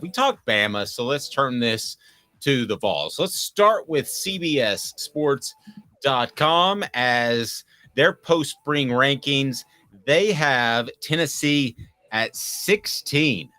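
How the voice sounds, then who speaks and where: A man hosting a casual sports talk show, asking questions and giving opinions in a loose, lively way. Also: medium pitch, slow, dry recording.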